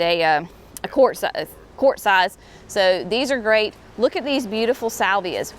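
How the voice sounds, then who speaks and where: A woman's voice: medium pitch, a bit bright. Woman host, chatty and upbeat, nursery walkthrough, faint outdoor hum behind. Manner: chatty, enthusiastic, says y'all. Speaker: garden center host. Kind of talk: casual walkthrough video.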